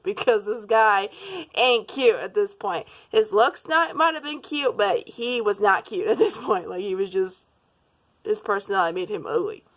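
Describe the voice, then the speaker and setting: A young woman vlogger telling a casual storytime, acting out quotes and laughing as she goes. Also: a little high. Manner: animated, laughing, acts out quotes.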